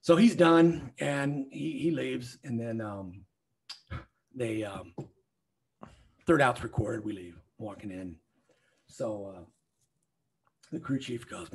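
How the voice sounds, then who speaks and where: Older man with a gravelly, husky voice. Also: medium pitch, takes it slowly, long pauses. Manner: profane, animated storyteller acting out quotes. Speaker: podcast co-host, retired cop and umpire. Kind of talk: casual storytelling chat.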